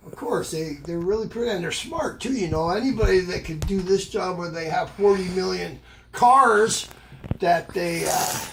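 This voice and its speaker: An older man telling a rambling, humorous story in a casual way, jumping up in pitch to act out the voices he quotes. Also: vocal fry. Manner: animated, acts out quoted voices with jumps in pitch. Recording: loud background noise.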